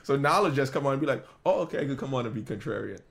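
A man's voice: medium pitch, animated, rapid-fire, creaky, a bit bright. A man co-hosting a podcast, telling stories and teasing with frequent laughter. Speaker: podcast co-host. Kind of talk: casual chat.

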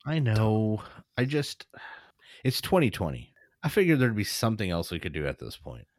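A man's voice: fairly low pitch, very animated, moderate pace, no echo, clean studio sound. A man co-hosting a casual podcast, teasing and cracking jokes at his partner. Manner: teasing, wisecracking. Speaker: podcast co-host. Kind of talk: joking casual chat.

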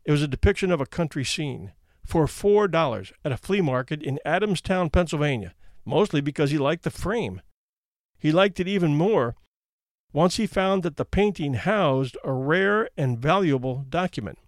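A man's voice: fairly high pitch, expressive, moderate pace, no echo, clean studio sound. A man reading out anecdotes in a wry, conversational storytelling manner. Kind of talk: casual read-aloud narration.

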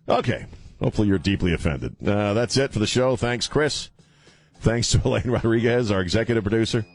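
A man's voice: fairly low pitch, expressive, fairly quick, gravelly, husky, no room sound. A middle-aged man hosting a radio talk show, joking loosely and provocatively and laughing often. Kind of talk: casual radio banter.

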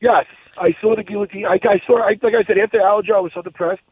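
High-voiced raspy guy cracking himself up telling a story, sounds like it's coming through a phone. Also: quick pace, no room sound. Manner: animated, profane storyteller who laughs at his own story. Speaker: podcast co-host. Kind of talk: casual storytelling chat. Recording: tinny, phone-like dry sound.

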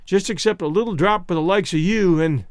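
Man reading as a dying old-west frontiersman, tired rough drawl, dry close mic. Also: high-pitched, fairly quick, no echo. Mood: weary. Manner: rustic dialect, tired. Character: dying frontiersman, gaunt, weary and tender.

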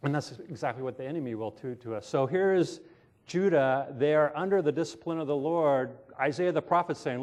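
A man's voice: mid-range voice, fairly quick, a little mellow. A man preaching a conversational sermon in a casual tone, often asking his listeners questions and calling himself sarcastic. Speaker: pastor.

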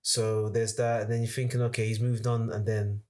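A young man in casual podcast chat, rambling through points with frequent restarts and getting animated when he is worked up. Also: lowish voice, normal speed, slight background noise.

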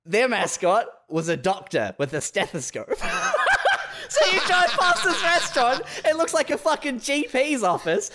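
Animated man spinning comic stories. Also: measured pace. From New Zealand. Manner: animated storyteller, swears freely, acts out jumpy high-pitched quoted voices. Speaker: podcast co-host. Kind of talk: casual comedic chat.

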